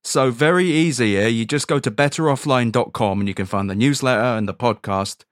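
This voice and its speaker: A man's voice: mid-range voice, fairly quick, no echo, studio quality. A man with a British accent, a podcast guest, joking sardonically in casual chat.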